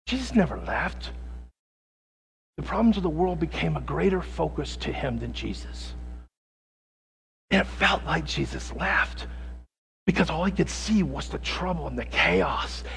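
A man preaching a sermon, dramatic and casual, swinging from shouting to hushed asides. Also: on the high side, lively intonation, unhurried, creaky, pauses often, slight background noise.

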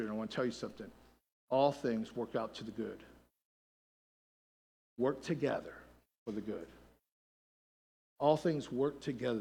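Middle-aged male preacher with a high, bright voice, rising from easy talk to shouting, in a large echoing sanctuary. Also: gravelly, slightly rough. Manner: swings between shouted preaching and quiet talk. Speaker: pastor. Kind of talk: sermon. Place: church sanctuary.

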